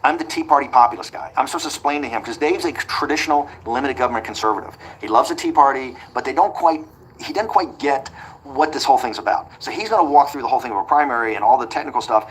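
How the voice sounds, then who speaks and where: Fast-talking man telling a story. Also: mid-range voice, a bit bright, a little hiss or hum, poor audio. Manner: rapid anecdotal delivery that acts out quoted dialogue. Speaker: interview guest. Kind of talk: storytelling in a conversational interview.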